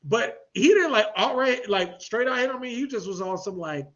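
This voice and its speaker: Animated high-voiced man telling stories. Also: moderate pace. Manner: animated storyteller, laughs often, slangy. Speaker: podcast co-host. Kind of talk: casual chat. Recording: dull lo-fi podcast audio.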